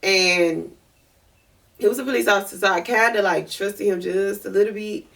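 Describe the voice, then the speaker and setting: Give me a chatty woman podcast host with a gravelly edge, recorded from a little way off the mic. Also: mid-range voice, moderate pace. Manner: chatty, animated, many fillers. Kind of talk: casual storytelling. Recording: voice distant from the mic.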